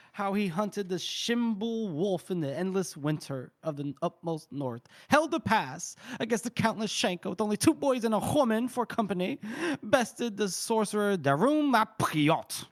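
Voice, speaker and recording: A man talks through a chapter on a podcast, loose and joking as he swears and mimics the characters he describes. His voice sits a little high for a man. His delivery stays relaxed and conversational. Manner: loose and joking, acting out quoted lines and swearing freely. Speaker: podcast co-host recapping a fantasy novel. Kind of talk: casual chat.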